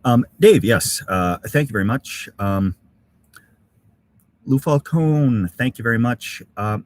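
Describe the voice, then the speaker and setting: A man's voice: medium pitch, animated, slow pace. A middle-aged man hosting a casual live stream from a winter campsite, reading out viewer comments and thanking people with lots of uhs and ums. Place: outdoor winter camp in severe cold.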